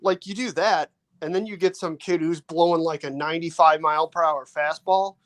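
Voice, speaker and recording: Profane joking American man, slightly high. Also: fairly even intonation, normal speed, a bit bright, slight background noise. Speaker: podcast co-host. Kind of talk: casual banter.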